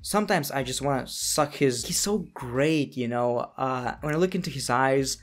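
Guy doing a sighing swooning young woman, all hushed and breathy. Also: mid-range voice, little pitch movement, a little fast, lightly acted.

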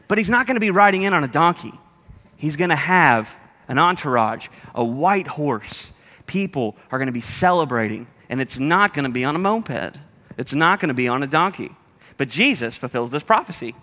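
A man preaches to his congregation in a loose, humorous, chatty way. His voice sits a little high and sounds bright and forceful. The sound carries the long reverb of a church hall. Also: animated, moderate pace. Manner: humorous, conversational, speaks directly to the congregation. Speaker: pastor. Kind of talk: sermon.

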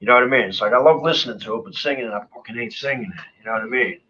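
A man's voice: mid-range voice, very fast, sharp tone, highs cut off, a little hiss or hum. A man who sings in a punk band, telling road stories as an interview guest, swearing constantly and full of fillers. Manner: profane, rambling storyteller with frequent fillers. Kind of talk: casual storytelling interview. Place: remote live stream call.

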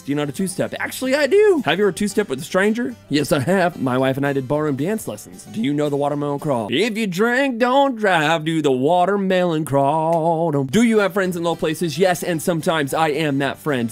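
Man from the midwest, casual comedic vlog, teasing and self-mocking, slightly high voice, faint guitar behind. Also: animated, fairly quick, hardly any pauses. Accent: put-on Southern drawl at times. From American Midwest. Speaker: YouTuber.

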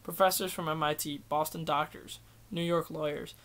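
A man reading a novel aloud as an amateur audiobook narrator, steady and unhurried with occasional restarts. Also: fairly high pitch. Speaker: audiobook reader.

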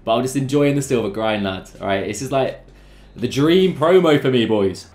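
A young man talks through his football video game match in a fast, excitable, chatty stream of commentary, constantly calling out to his viewers. His voice sits at an ordinary middle pitch. The sound carries a noticeable echo from the room. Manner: excitable, chatty, keeps addressing the lads. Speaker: gaming YouTuber. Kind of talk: live gameplay commentary.

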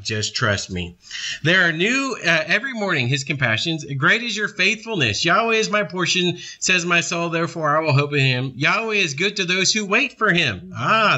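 Guy preaching a laid-back bible study, pretty high voice, keeps asking "right?". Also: pushed and bright. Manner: conversational, asks and answers his own questions, ends with "right?". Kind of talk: casual Bible study teaching.

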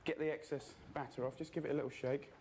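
A man's voice: on the high side, steady tone, fast, darkish tone, slight background noise. A man hosting a cooking show, talking casually and loosely with many fillers as he demonstrates a dish. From England. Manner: chatty, loose, full of fillers.

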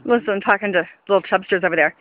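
A woman's voice: medium pitch, racing, phone-quality sound. A woman talking sweetly to her dog in a casual home video outdoors. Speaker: dog owner filming her pet.

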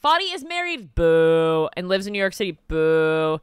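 A woman giving casual, chatty commentary while streaming a video game, sarcastic and swearing, with sudden loud squeals. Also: fairly low pitch, very animated, normal speed, clean tone, no room sound.

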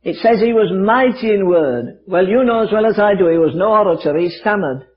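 A man's voice: high voice, expressive, brisk. An older man preaching a sermon, telling stories with rhetorical questions and dry humor. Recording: dull lo-fi archive sermon recording.

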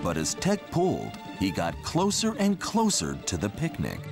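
A man reading a children's story aloud in an expressive, unhurried way. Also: on the low side, creaky. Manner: slow, very animated expressive reading. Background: music.

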